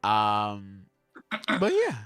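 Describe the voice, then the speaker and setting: A man co-hosting a casual chat podcast, excitable and slangy, laughing often. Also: on the low side, extremely slow, clear, resonant tone, no room sound. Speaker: podcast co-host.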